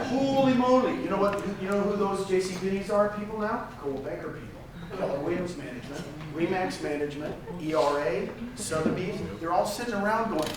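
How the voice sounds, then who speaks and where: Speaking at normal speed in a high-sitting, expressive voice, this older conference speaker gives a forceful motivational address to a live crowd and repeats lines for emphasis. Recorded from afar in a large, echoey conference room, the clip carries background noise.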